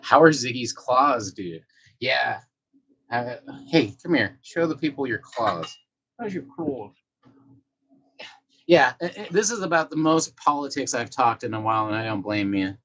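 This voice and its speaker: A man's voice: mid-range voice, lively intonation, normal speed, fairly bright tone, a little hiss or hum, low-quality recording. A man on a casual live stream, reading viewer messages aloud and talking to his cat in a loose, profane way. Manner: chats to his cat between comments.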